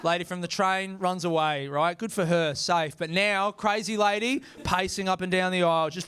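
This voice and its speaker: A young Australian man doing a stand-up comedy set, telling a story conversationally with animated impressions and casual swearing. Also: high-pitched, normal speed, few pauses, smooth. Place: comedy club stage with audience.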